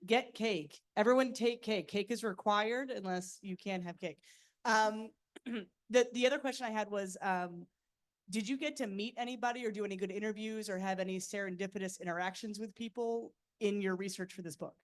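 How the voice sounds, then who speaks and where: A woman's voice: mid-range voice, normal speed. A woman in the audience asks a question in a friendly, rambling way, full of hesitant ums. The sound comes from a video call recording of the room. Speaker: audience member asking a question. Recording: Zoom capture of a room talk.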